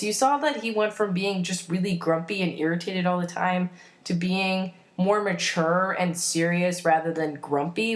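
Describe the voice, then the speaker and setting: Fan girl woman rambling on her vlog, kinda low voice, super chatty, um and like everywhere. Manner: rambling, chatty, full of "um" and "like" and self-corrections; enthusiastic, opinionated. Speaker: vlogger. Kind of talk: casual fan rant vlog.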